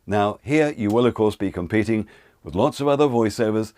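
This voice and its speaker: A man's voice: lowish voice, a little fast, darkish tone, no room sound, studio quality. A man, a voiceover artist teaching an online course in a chatty, encouraging way that speaks straight to the viewer. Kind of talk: casual online course talk.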